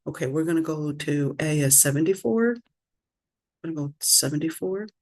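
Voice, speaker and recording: A middle-aged woman teaching an online scripture lesson, thinking aloud as she works her screen and slowing down to stress her questions. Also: deep voice, animated, a little mellow. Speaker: religious teacher.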